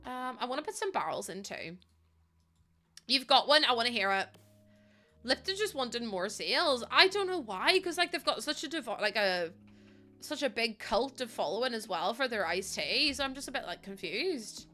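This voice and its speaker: A young woman streams a game build and talks straight to her chat, reading out names and getting heated. Her voice is bright and forward. Soft music plays in the background. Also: on the high side, big pitch swings, moderate pace. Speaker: live streamer.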